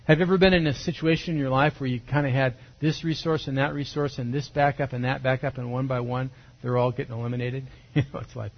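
Male pastor, husky and a touch high, chatty verse-by-verse sermon, muffled lo-fi capture. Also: steady tone, fast. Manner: conversational, asks listeners questions, acts out quotes. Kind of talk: sermon, verse-by-verse Bible teaching.

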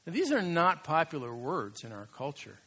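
A pastor in the middle of a sermon, talking to his congregation in a relaxed, conversational way. His voice has a husky edge, and he slows down and presses on the words he wants to stress. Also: fairly high pitch. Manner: conversational, emphatic preaching with slow stressed words.

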